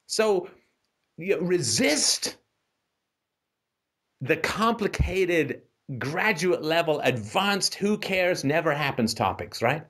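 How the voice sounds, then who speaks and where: A male talk host who rants in a casual, animated way with a fairly high voice that swoops all over. He keeps firing rhetorical questions and tagging his points with "right?" as he lectures a caller. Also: slow, pauses often. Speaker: call-in show host. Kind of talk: casual ranting monologue.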